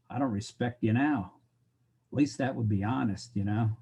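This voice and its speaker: A man's voice: lowish voice, fairly even intonation, normal speed, dark tone, slightly rough. Wry joking male college lecturer. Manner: joking, wry, talks to the class directly. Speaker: college instructor. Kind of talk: recorded lecture.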